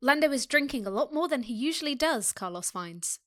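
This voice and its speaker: A woman's voice: high-pitched, lively intonation, brisk, a bit bright. A British woman co-hosting a podcast, casually reading fan fiction aloud and laughing often. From Britain. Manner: giggly, reads aloud with frequent laughter. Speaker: podcast co-host.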